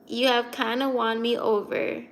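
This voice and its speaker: A young woman in her 20s from Virginia hosts a casual livestream, chatty and giggly as she reads out and answers comments from chat. Her fairly high voice is flat and a little slow, with slight hiss or hum.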